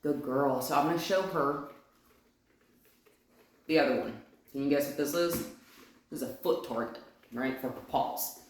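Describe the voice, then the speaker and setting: A woman's voice: sits low, moderate pace, long pauses. A woman dog trainer giving a hands-on training lesson, explaining each step aloud and often checking in with "right?". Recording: very echoey room, faint noise.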